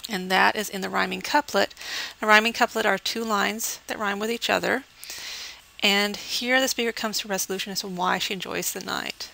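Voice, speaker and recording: A woman's voice: medium pitch, steady tone, gravelly, pushed and bright, a little hiss or hum, poor audio. A woman English professor giving a recorded poetry lesson, explaining terms step by step and checking in with "okay". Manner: reads the poem slowly and measured.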